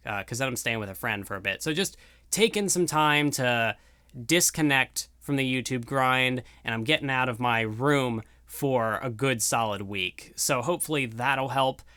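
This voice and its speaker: A man's voice: mid-range voice, sharp tone, smooth, dry recording, studio quality. A young man rambling casually through a video outro at home, self-deprecating and full of fillers. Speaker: YouTuber. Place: room at home.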